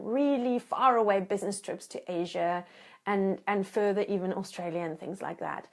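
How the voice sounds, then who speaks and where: A woman, a relationship coach giving an animated teaching talk and acting out the voices she quotes. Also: medium pitch.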